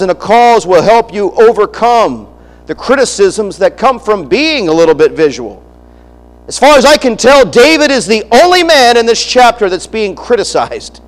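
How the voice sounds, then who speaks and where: A man's voice: sits high, in a large hall, rough recording. A middle-aged man preaching a sermon, emphatic and preacherly, often restarting phrases and breaking into asides.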